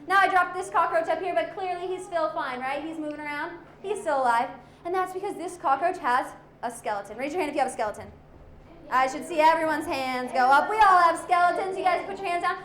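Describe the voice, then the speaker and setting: A woman's voice: very high voice, fairly quick, fairly bright tone, echoey room, a little hiss or hum. A woman presenting animals to a young audience as a zoo educator, playful and full of questions for the children.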